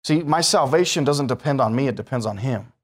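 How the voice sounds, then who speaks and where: A man's voice: mid-range voice, lively intonation, fairly quick, husky. A man, sounding, preaching a sermon in a conversational way that rises to emphatic bursts and puts questions to the listeners.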